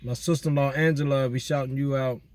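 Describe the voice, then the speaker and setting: A man chatting casually outdoors at night, giving relaxed, slangy shout-outs to his listeners. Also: mid-range voice, fast talker. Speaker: vlogger doing viewer shout-outs. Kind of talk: casual chat.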